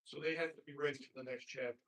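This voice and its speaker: A basketball coach with a medium, steady, fairly bright voice talks fast while giving an earnest commencement speech to graduates. He tells a story and repeats plain advice, his husky voice picked up from far off the mic.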